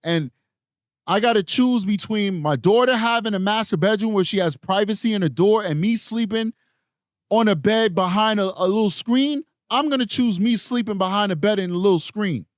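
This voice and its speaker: Male streamer host, higher register, emphatic and repetitive, dead dry room. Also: moderate pace, no echo. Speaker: true crime livestream host. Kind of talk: casual commentary, reading live chat.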